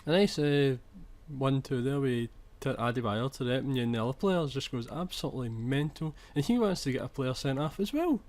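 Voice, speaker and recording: A man's voice: medium pitch, expressive, fairly quick, few pauses, darkish tone. A young man commentating over his own football video game footage, chatty, restarting sentences and swearing when annoyed. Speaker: gaming commentator.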